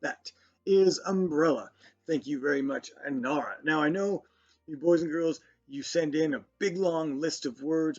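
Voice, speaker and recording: A man teaching a children's phonics lesson, sounding out words slowly and praising often. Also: a little high. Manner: slow, encouraging, praising often. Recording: dull lo-fi sound with faint music.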